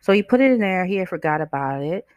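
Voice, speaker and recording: Her voice is lowish and darkish, animated and fast, captured in a muffled recording with no echo. She's a podcast host giving motivational self-help talk, speaking conversationally, questioning the listener, and acting out voices in her stories.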